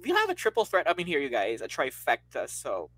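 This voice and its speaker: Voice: mid-range voice, huge pitch swings, brisk, a bit bright. A podcast host interviewing a guest in a casual, friendly way, with frequent fillers. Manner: friendly, chatty, uses fillers and laughs along.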